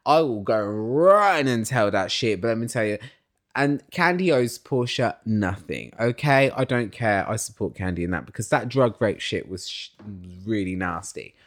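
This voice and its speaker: A man's voice: fairly low pitch, moderate pace. A man hosting a casual reality TV recap, talking in an opinionated way and swearing often. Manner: animated, opinionated, swears a lot.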